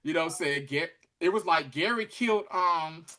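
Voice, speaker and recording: A man co-hosting a podcast, chatting casually as he recaps a TV episode in an animated, slangy storytelling way. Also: fairly high pitch, normal speed. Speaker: podcast co-host.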